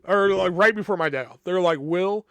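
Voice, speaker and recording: Male podcast host with a fairly high voice, ranting through a personal story, lots of cursing and fillers. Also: a little fast, creaky, fairly bright tone, clear, resonant tone, no room sound. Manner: profane, heated storytelling with fillers.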